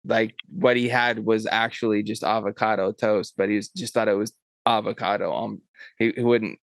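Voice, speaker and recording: A man's voice: on the low side, fairly even intonation, normal speed, vocal fry, no echo. A man co-hosting a podcast, telling a rambling story in casual chat, full of "like" and cursing. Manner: rambling storyteller, heavy on "like" and swearing. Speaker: podcast co-host.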